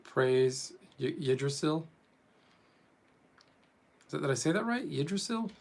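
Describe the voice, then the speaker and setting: A man's voice: medium pitch, lively intonation, a little fast, creaky, darkish tone. Rambling male live streamer. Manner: rambling, chatting with viewers. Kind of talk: casual live stream chat.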